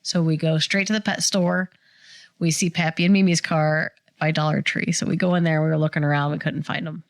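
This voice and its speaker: A woman's voice: deep voice, a little fast. A middle-aged woman on a podcast, casually telling a family story and acting out the voices she quotes. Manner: animated retelling, acts out quoted voices. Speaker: podcast co-host.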